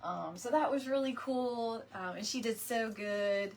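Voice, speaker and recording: A woman's voice: fairly high pitch, measured pace. A woman, chatting casually and laughing often as she makes a wreath live and greets viewers by name. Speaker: wreath-making live stream host. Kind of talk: casual chat while crafting on a live stream.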